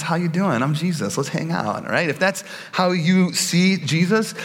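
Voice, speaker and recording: A man's voice: medium pitch, fairly bright tone. A man preaching a casual, joking sermon as a pastor, often slipping into put-on voices for quoted people. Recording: long hall reverb.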